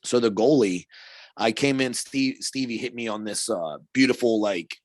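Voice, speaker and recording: Brief: male podcast co-host, animated storyteller, salty and laughing, dry close mic. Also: mid-range voice, moderate pace, no echo. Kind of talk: casual chat.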